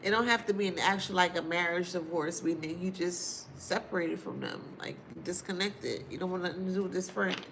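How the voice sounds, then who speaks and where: A woman's voice: on the low side, noisy background. A woman giving a casual spiritual reading to her viewers, chatty and informal, repeating phrases for emphasis. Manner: chatty and informal, with drawn-out asides and frequent laughs. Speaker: astrology or tarot reader.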